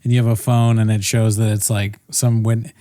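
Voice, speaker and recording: A man's voice: on the low side, little pitch movement, normal speed, warm tone, no room sound, studio quality. A man co-hosting a comedy podcast, ranting in casual profane chat with frequent restarts. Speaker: podcast co-host.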